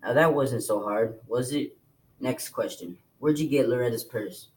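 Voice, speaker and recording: A man's voice: moderate pace, lightly acted, low-quality recording. A man reading a novel aloud and voicing a hulking, threatening biker gang boss. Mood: menacing. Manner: low, quiet, threatening. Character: menacing burly adult male biker boss.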